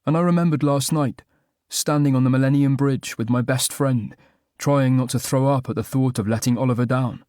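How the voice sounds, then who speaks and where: Man reading a rom-com audiobook, wry and self-mocking, middle pitch, dry close mic. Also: steady tone, normal speed, a little mellow, no echo. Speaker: audiobook narrator. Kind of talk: first-person audiobook narration.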